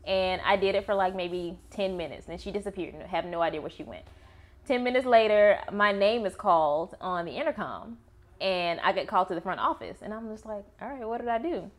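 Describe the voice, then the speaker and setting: A woman guest on a podcast, telling a personal story in a lively way and acting out the people in it. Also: mid-range voice, a little fast. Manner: lively storyteller, acts out quoted voices. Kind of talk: casual podcast chat.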